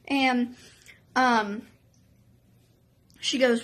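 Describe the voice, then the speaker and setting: Woman vlogger, storytime, excitable, chatty, fairly high voice. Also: a little slow, pauses often. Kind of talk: storytime vlog.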